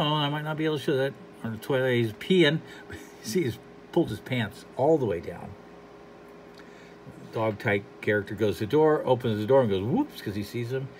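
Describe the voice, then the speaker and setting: A man's voice: medium pitch, expressive, normal speed, slight background noise. A man giving a casual, rambling commentary on a comic book, dry and unimpressed, with frequent fillers and trailing thoughts.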